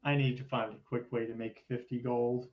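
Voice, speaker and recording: A man playing in a tabletop game, speaking plainly and briskly. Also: mid-range voice, little pitch movement, far from the mic. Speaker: player. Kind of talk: casual tabletop play. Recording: dull lo-fi mic.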